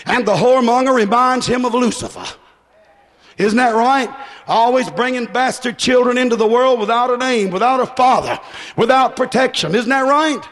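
A male preacher delivering a sermon emphatically, shouting and then dropping low. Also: normal speed. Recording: echoey hall.

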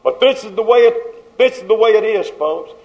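A high-voiced man delivers a fiery sermon. He scolds his listeners in a steady, rhythmic pile-up of repeated phrases, with plain folksy grammar. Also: moderate pace, low-quality recording. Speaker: preacher.

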